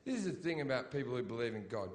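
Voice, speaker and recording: A man's voice: mid-range voice, big pitch swings, very fast, very noisy. A man doing a live stand-up routine on stage, ranting in a profane, sarcastic way. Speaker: stand-up comedian. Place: live stage show in Britain.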